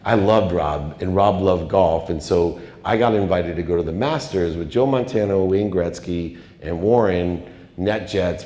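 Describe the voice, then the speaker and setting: Deep-voiced man speaking in an echoing hall. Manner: confessional, emotional, dramatic swings in loudness. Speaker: keynote speaker. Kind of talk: motivational storytelling speech. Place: large event hall. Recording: echoey hall with long reverb.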